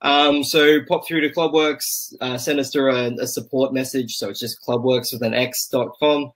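A man speaking as a guest on a podcast, relaxed and easygoing in casual chat. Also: mid-range voice, normal speed. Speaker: podcast guest, software company rep.

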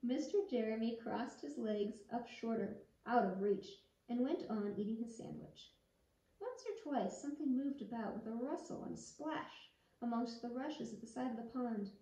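A woman reading a children's picture book aloud in an expressive, lively way. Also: a little high, moderate pace. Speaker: children's storyteller. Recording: roomy, distant, dull lo-fi sound.

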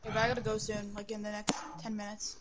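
A woman's voice: mid-range voice, completely flat delivery, fast. A woman in casual gaming voice chat, impatient and pressing to get started. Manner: impatient, keeps asking to start. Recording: noisy voice chat.

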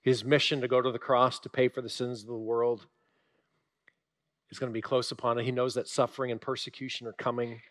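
Speaking briskly in a mid-range voice, a male pastor tells stories during his sermon, stressing points with animation before abruptly dropping to a hush.

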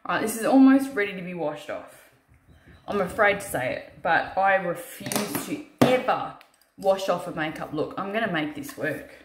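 A woman's voice: on the low side, expressive, moderate pace, noisy background. A tired woman talking through a makeup tutorial, chatty and self-mocking, swearing casually as she works. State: tired from little sleep. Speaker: makeup artist doing a tutorial. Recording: roomy echo.

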